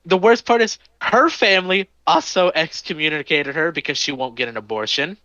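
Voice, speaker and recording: A man in his early twenties, a podcast co-host, telling anecdotes in animated, swear-heavy casual chat. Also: on the high side, fairly quick, few pauses, no echo, muffled recording. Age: 20s. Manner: animated storytelling, lots of swearing.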